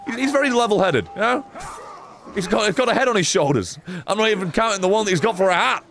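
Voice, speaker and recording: A man's voice: high voice, lively intonation, fast talker, vocal fry, a bit bright. A man streaming a game live, commenting sarcastically, talking back to the characters on screen and swearing often.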